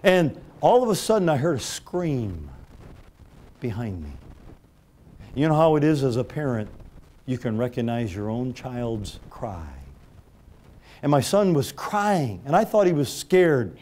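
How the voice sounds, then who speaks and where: A middle-aged man preaching a sermon, telling a personal story, moving between loud preaching and quiet, hushed retelling. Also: medium pitch, very animated, measured pace, long pauses. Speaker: pastor.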